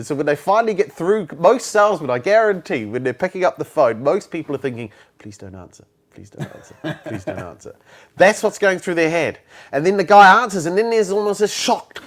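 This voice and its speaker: Guy, blunt sales trainer, slightly high voice that jumps around a lot. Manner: blunt, animated, acts out phone calls. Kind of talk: conversational interview.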